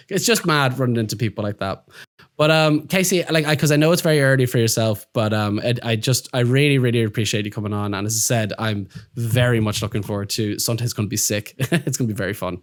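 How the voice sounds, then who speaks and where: A man's voice: mid-range voice, quick pace. An Irish man hosting a podcast interview, chatty, laughing often and swearing casually. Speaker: podcast host.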